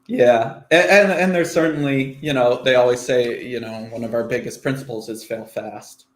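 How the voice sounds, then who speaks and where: A man's voice: medium pitch, fairly even intonation, normal speed. Rambling man in an echoey room. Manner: rambling, encouraging, many fillers. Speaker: panelist on a live stream. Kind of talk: casual panel talk.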